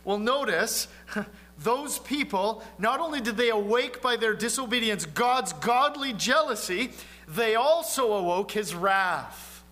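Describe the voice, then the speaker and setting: A man preaching a sermon in an earnest, conversational way, asking his listeners questions and sometimes dropping to a low, quiet voice for emphasis. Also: animated, a little slow. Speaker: pastor.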